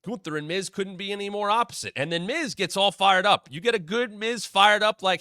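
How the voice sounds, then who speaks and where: A man hosting his own wrestling talk show, giving casual solo commentary and quoting people in quick asides. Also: high-pitched, no echo, studio quality. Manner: animated, drops into quoted voices.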